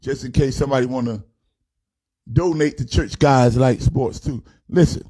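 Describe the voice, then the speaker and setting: Preachy New man, warm voice. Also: medium pitch, normal speed, breathy edge, no room sound. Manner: preachy, boastful, playful with sing-song cadences. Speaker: pastor. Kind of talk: comic sermon-style sports rant.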